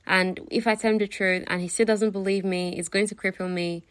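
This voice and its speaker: A woman voicing a calm, earnest young woman from the modern day, speaking softly. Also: mid-range voice, a little fast, close to an everyday voice. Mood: anxious.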